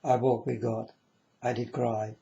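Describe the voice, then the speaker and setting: A man's voice: medium pitch, level tone, gravelly, dark tone. A man speaking to his viewers in a casual spiritual monologue, repeating himself and often checking whether the listener understands. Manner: slow, repetitive, keeps asking the listener "you understand?". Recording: dull lo-fi recording.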